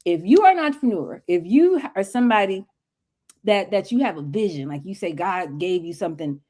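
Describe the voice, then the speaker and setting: A woman's voice: mid-range voice, animated, a little fast, dark tone. A woman speaking as a guest mentor on a livestream interview, talking in an emphatic, preachy, colloquial way over a video call.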